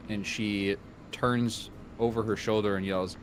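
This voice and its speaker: A man running a tabletop game as game master, narrating in a relaxed, descriptive way. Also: fairly low pitch, a little slow, a little hiss or hum.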